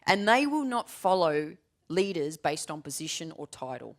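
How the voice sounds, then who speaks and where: A woman's voice: sits low, moderate pace. A woman in her forties giving a keynote presentation, telling stories with humour and driving her points home with emphatic repetition. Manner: lively, humorous storytelling with emphatic repetition. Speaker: keynote speaker. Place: large room with a live audience.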